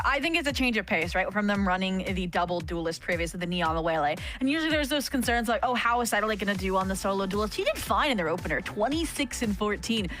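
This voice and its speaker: A woman giving analysis during an esports broadcast, talking in an animated way with frequent "like" and "right?". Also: medium pitch. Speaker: esports caster. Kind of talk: esports color commentary.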